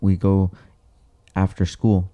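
Laid-back deep-voiced man, slangy chat. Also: completely flat delivery, slow pace, dark tone. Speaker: podcast co-host. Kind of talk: casual chat.

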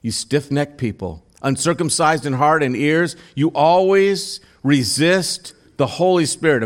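A man preaching a sermon as a pastor, reading scripture aloud and then explaining it, sometimes rising in intensity and asking the listeners direct questions. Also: mid-range voice.

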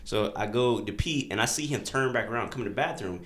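A man's voice: medium pitch, lively intonation, a little fast, fairly bright tone, a little hiss or hum. A young man co-hosting a podcast, telling a story in casual chat and acting out the quotes in shifting voices. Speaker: podcast co-host.

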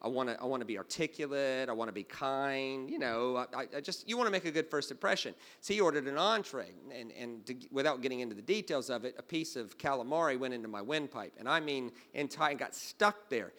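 A man preaching a sermon, telling stories and swinging from quiet asides to loud exclamations. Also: medium pitch, brisk, few pauses. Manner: storytelling, jumping from hushed to loud exclaiming. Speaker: pastor.

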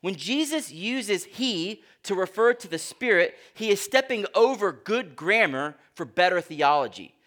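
A pastor with a high-pitched voice delivers a teaching sermon to his congregation. He speaks in an engaging, teacherly way, checks in with his listeners, and reads scripture aloud with emphasis. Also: expressive, unhurried, few pauses, fairly bright tone.

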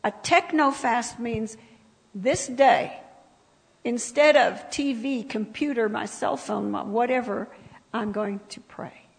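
A woman gives a sermon at a church service at an unhurried pace, her slightly high voice croaky and gravelly with fry. She addresses the congregation conversationally, tossing in asides, while the long reverb of the church hall rings around her.

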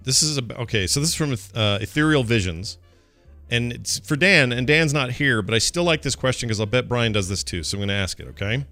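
A man's voice: mid-range voice, animated, fairly quick, bright, forceful tone, soft background music. A man co-hosting a podcast in casual chat, reading out listener questions. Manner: chatty, reads listener questions. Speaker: podcast co-host.

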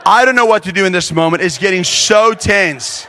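A man preaching at a conference, telling a story with lively, acted-out quotes. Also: high-pitched, normal speed, slight background noise. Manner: animated storyteller acting out quotes. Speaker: pastor. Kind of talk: sermon storytelling. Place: large conference hall. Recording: long hall reverb.

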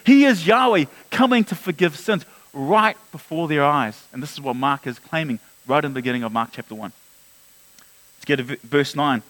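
A man preaching a sermon, earnest, with frequent repeated words and swings between loud rises and soft low drops. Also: lively intonation, brisk, rough recording. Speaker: pastor.

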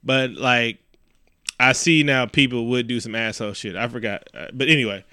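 Bright, animated, swearing man. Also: medium pitch, normal speed, clear, resonant tone, no echo, studio quality. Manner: animated, swears heavily, acts out scenes. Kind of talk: casual profane movie recap.

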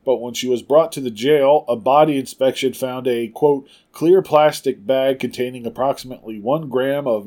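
A man's voice: mid-range voice, dark tone. A man co-hosting a casual comedy podcast, reading strange news stories aloud with wry asides. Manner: laughs easily, reads with wry asides. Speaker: podcast co-host.

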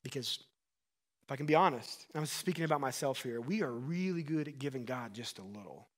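A pastor in his thirties preaches a sermon earnestly and conversationally, with a medium-pitched, lively voice that runs a little fast. He asks the congregation questions and adds asides along the way.

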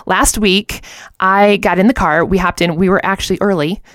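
Woman in her thirties, co-host on a faith talk show, animated storyteller, mid-range voice, dry close mic. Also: mid-range voice, normal speed, dry recording. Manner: animated storyteller, acts out quotes.

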